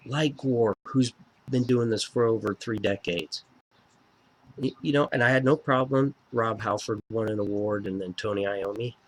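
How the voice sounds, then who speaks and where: An excitable man reviews an album he loves in a casual video. He swears freely and gets worked up as he talks. His voice sits on the low side. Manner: excitable, profane and fan-gushing.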